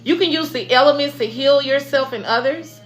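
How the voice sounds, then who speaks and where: A woman's voice: high voice, a little fast. Emphatic spiritual reader woman with music. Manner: emphatic, preachy, slang-filled. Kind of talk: tarot and oracle reading. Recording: music playing behind.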